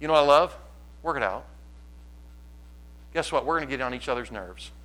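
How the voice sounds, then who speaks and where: Animated preaching man, bright tone. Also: mid-range voice, a little fast. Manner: animated preaching, swinging between loud and quiet. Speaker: pastor. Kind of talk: sermon. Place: church.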